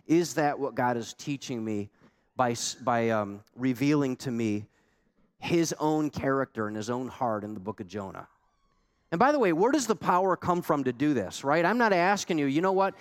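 A man's voice: medium pitch, animated, moderate pace. A man preaching a sermon as pastor, emphatic and conversational, with many rhetorical questions to the congregation.

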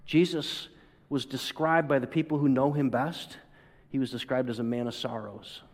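A man's voice: medium pitch, steady tone, moderate pace. A man preaching a sermon, asking rhetorical questions and acting out quoted voices with dramatic swings. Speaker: pastor. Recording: long hall reverb.

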